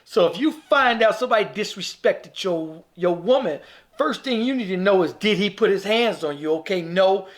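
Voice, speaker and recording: A man with a Chicago accent speaks in a fairly high voice on a live stream. He comments on the news in an emphatic, preachy way and addresses his viewers directly. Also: animated, normal speed. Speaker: vlogger.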